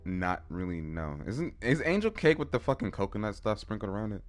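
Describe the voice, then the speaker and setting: A man's voice: on the low side, big pitch swings, a little fast, faint music behind. A man hosting a casual podcast chat, eating as he talks, laid-back and profane, with lots of trailing off and repeated words. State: eating, talking with his mouth full. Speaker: podcast host.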